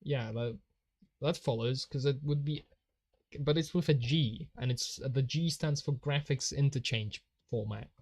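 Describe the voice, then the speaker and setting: A man's voice: medium pitch, a little slow, darkish tone, no room sound, studio quality. A young man with a Polish accent, chatting casually on a drawing stream, laughing often. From Poland. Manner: giggly, laughs often, reads out chat. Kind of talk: casual live-stream chat while drawing.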